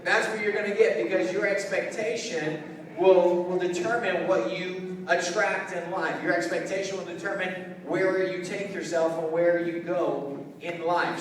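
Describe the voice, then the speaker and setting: Energetic youth pastor in echoey hall. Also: male voice, sits high, slight background noise. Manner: energetic, call-and-response with audience. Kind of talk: youth object-lesson sermon. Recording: echoey hall, mic from a distance.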